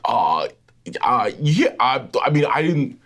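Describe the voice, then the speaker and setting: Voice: medium pitch, big pitch swings, slow, fairly bright tone. A player speaking in character, flustered and stammering while defending a rash decision.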